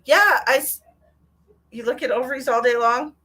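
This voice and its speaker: Woman, middle-aged, livestream host, casual chat, candid, emotional, swears freely, slightly high-pitched. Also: normal speed, pushed and bright. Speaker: psychic medium livestream host.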